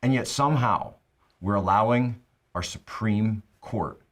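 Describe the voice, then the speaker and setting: A man's voice: on the low side, a little slow, a bit bright. A man hosting a political talk show, delivering an emphatic, sarcastic monologue. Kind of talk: monologue commentary.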